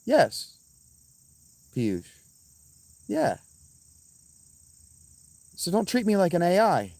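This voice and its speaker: A man livestreaming outdoors and answering his chat in a profane, combative, quick-tempered way. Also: high-pitched, wildly swooping pitch, gravelly, a little mellow, no echo. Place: outdoors by a fountain.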